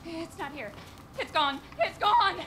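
A woman's voice: very high-pitched, unhurried, sharp tone, slight background noise, exaggerated voice. An actress playing a frightened young woman in a horror game, with breathless, panicked pleading. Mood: distraught.

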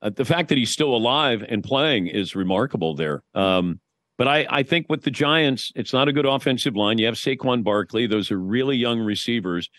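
A man's voice: mid-range voice, normal speed, no room sound, studio quality. A man in casual sports chat, telling stories with energy and putting on voices when he quotes people. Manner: animated storyteller, does voices when quoting. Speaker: guest.

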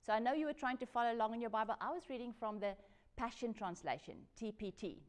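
A woman's voice: fairly high pitch, fast. Earnest woman teaching the Bible. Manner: earnest, personal, conversational with quoted asides. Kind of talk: discipleship teaching.

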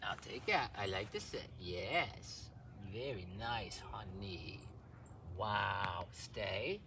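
A man working as a dog trainer outdoors, coaching a dog and explaining his steps, swooping into high sing-song praise. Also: big pitch swings, slow, gravelly. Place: outdoors in a rural field. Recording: distant mic with loud outdoor noise.

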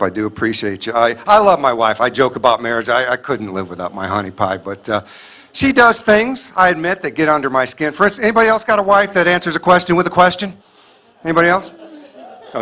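Audience laughter follows a Kansas City-area comedian from the US through his clean stand-up set, where he tells punchy stories full of mock dialogue. He speaks at medium pitch with a sharp tone.

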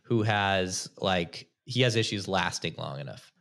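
A man hosts a casual podcast interview in a very low, deep voice. He talks in a laid-back way and keeps checking agreement with a quick "right?". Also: lively intonation, vocal fry, a bit bright. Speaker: podcast host.

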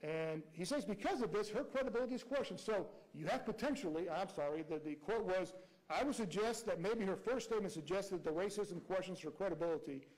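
A man's voice: high-pitched, lively intonation, a little fast, a little mellow, low-quality recording. A man arguing as prosecutor before a judge, reading out quotes and pressing rhetorical questions. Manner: reads quotes aloud. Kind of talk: courtroom argument.

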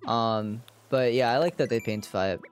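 A woman streamer casually narrating her own moves in a video game, chatty and self-deprecating, now and then breaking into loud squealing yells. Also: extremely low pitch, moderate pace, smooth. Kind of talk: casual livestream gameplay commentary.

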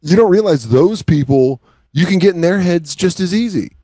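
A man in his late thirties tells crude stories in casual studio chat, cursing freely. His voice is dry and close to the mic. He jumps up into high, yelping impressions when he quotes people. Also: moderate pace, husky, dry recording. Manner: animated, swears freely, acts out quotes in high yelps. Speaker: podcast co-host. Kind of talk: casual comedic storytelling.

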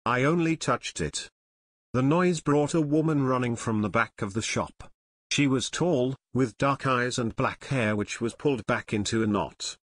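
A man narrating an audiobook in a steady, even storytelling manner. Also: medium pitch, normal speed. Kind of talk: scripted narration.

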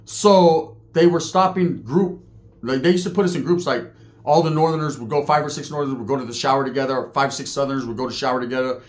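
A man's voice: medium pitch, quick pace. A middle-aged man telling a story in casual street slang, acting out the voices of others as he goes. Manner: street slang, animated retelling, mimics other inmates' voices. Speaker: podcast storyteller.

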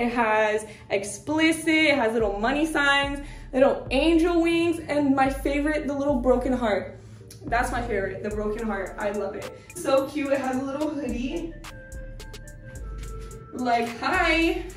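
Young woman, high bright voice, gushing fashion-vlog chatter, echoey room, set back from the mic, faint music under it. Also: normal speed, recorded from a distance. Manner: bubbly, gushing, filler-heavy. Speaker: fashion vlogger. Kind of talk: casual try-on haul chat.

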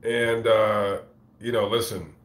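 A vlogger with a fairly low voice tells a rambling, profane story in animated, casual live-stream style. He's recorded on a phone camera inside a fast-food restaurant, and the room is echoey.

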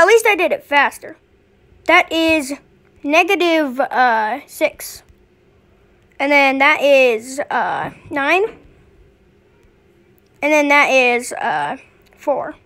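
High-voiced excitable woman gamer. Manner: excitable, panicky, yelling in fright. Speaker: gameplay commentator. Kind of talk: let's play commentary.

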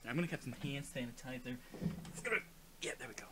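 A man's voice: medium pitch, fast talker. A man chatting casually over a co-op game, rambling through stories with lots of fillers. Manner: rambling storyteller, many fillers, loud shouted bits. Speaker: co-op gaming commentator. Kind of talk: casual gameplay chat.

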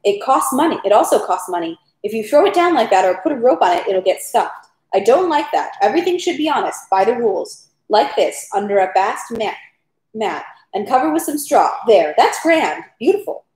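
A woman's voice: on the high side, very animated, moderate pace, darkish tone. A woman doing a fussy cheerful peasant man. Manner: instructing carefully. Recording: roomy echo.

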